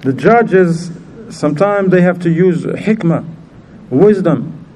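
Storytelling teacher in a mellow voice, faint hiss. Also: male voice, high voice, expressive, slow pace, poor audio. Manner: storytelling with questions to the audience, acts out voices. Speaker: Islamic teacher. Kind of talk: informal religious lesson.

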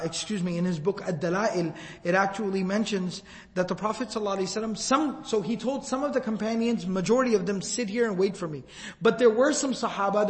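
A man giving a religious lecture, telling a story and quoting Arabic texts before translating them. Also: sits high. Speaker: Islamic lecturer. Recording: long hall reverb.

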